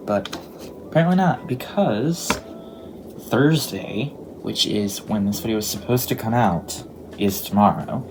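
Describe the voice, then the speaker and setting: A woman's voice: extremely low pitch, expressive, a little slow, background noise. A young woman chatting casually as a crochet vlogger, rambling with lots of ums and likes. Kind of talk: casual vlog chat. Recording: voice over clear background music.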